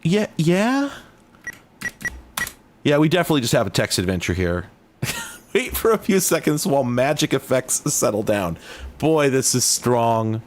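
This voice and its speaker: A man's voice: mid-range voice, big pitch swings, moderate pace, a little hiss or hum. A man hosting a casual video, talking to himself as he plays old computer games, rambling and sardonic, often cutting himself off mid-sentence. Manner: rambling, sardonic, self-interrupting. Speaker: host. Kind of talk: casual commentary while playing retro games.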